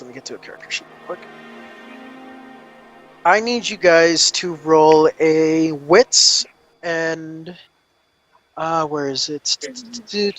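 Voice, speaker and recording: Male game master, bright and high-ish tone, loose halting narration. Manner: halting, filler-heavy narration. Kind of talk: narrating a tabletop game online.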